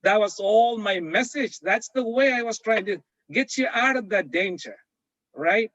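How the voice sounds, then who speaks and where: A man's voice: sits high, expressive, unhurried, fairly bright tone, no echo, lo-fi sound. A man voicing a patient, fatherly God who explains his signs to a complaining pastor. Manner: patient, explaining, rising to emphasis.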